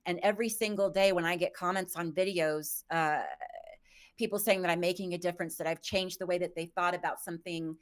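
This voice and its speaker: A woman's voice: lowish voice, steady tone, brisk. A woman in her fifties, a guest on a live stream interview, speaking candidly and reflectively with self-deprecating humor.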